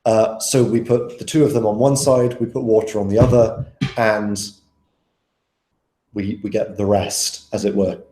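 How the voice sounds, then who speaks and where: Warm, lowish, and steady, a young adult's voice carries through an echoey room as he tutors students online at a measured pace. He works through an exam paper in a relaxed, talkative way, putting questions to them along the way.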